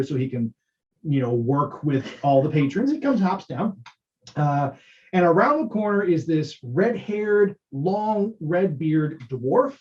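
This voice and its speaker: A game master narrating a tabletop game in a halting way, full of fillers. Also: mid-range voice, darkish tone. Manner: halting, many fillers, laughs often. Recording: muffled lo-fi recording.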